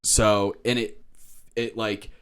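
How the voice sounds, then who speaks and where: A man with a fairly low voice co-hosts a podcast in relaxed, loose chat. He rambles and restarts his sentences and drops in casual swearing along the way. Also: slow, smooth. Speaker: podcast co-host.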